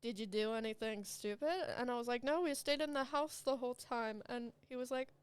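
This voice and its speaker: A young woman on a podcast, telling loose, rambling stories and breaking into giggles. Her voice sits fairly high, and she chats in a relaxed, casual way. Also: brisk, clear, resonant tone. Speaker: guest.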